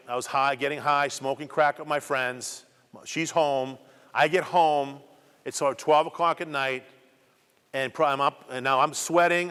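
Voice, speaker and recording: His voice slightly high, fairly bright and smooth, a middle-aged guest speaker emphatically tells students his personal story with heavy repetition. The talk takes place in a community program hall, with long reverb.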